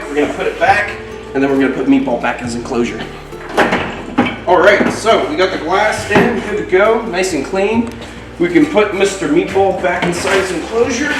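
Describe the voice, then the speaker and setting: A fairly high-voiced man narrates a casual vlog, breaking often into excited high cooing at his snakes. He sounds distant from the mic in a roomy indoor space, with music running underneath. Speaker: reptile keeper and channel host.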